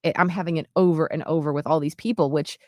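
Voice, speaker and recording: A woman's voice: deep voice, fairly even intonation, fast talker, mellow, dry recording, studio quality. A woman in her late thirties, co-hosting a podcast and telling a personal story in an earnest, heartfelt way, with many "like"s and restarts. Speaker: podcast co-host. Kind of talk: casual storytelling chat.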